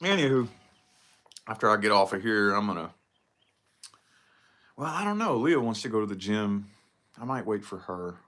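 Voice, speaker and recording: Lively, bright-voiced man rambling on a vlog. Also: lowish voice, moderate pace, long pauses. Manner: rambling, self-critical, swears freely. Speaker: vlogger. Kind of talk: casual solo vlog talk.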